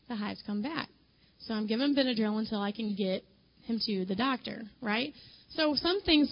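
A woman's voice: on the high side, creaky, highs cut off. A woman who is a mother speaks to a women's group in a chatty, conversational sermon, addressing her listeners directly and filling her talk with "you know".

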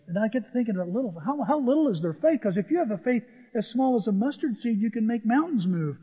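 High, husky-voiced preacher in a hall. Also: male voice, quick pace, few pauses, narrow, tinny audio. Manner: animated storytelling with acted-out voices. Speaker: pastor. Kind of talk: sermon.

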